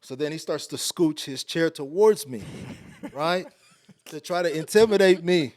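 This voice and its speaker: A man from Texas, a podcast guest, telling a story in a casual, slangy, animated way. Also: unhurried, no room sound. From Alief, Houston, Texas. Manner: animated, slangy, getting louder and higher as the story builds.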